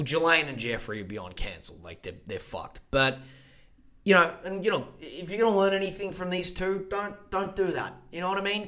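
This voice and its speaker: A man's voice: on the high side, pushed and bright. A man hosting a podcast alone, ranting casually with crude, profane, rambling asides. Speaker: podcast host. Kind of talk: casual solo podcast rant.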